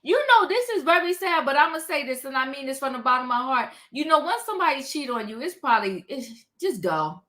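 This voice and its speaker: Woman, high bright voice, slow animated recap commentary. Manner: animated, acts out quotes with rising pitch. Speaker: reality show recap host. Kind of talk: casual commentary.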